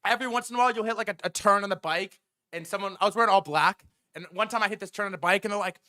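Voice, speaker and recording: A young man hosting a livestream, telling a story in an excited, rambling way, his voice a bit sore from screaming. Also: sits high, fast. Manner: breathless, rambling, lots of "bro" and restarts. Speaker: livestream host.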